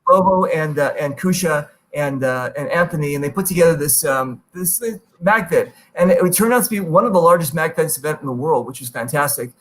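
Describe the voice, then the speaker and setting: A man hosting a podcast, telling stories in a casual, animated way, swearing freely and jumping into high-pitched quoted voices. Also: fairly quick, few pauses. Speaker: podcast host. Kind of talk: casual storytelling chat.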